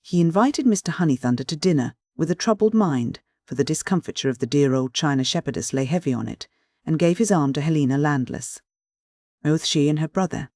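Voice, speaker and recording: Steady audiobook narrator, dry sound. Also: mid-range voice, no echo.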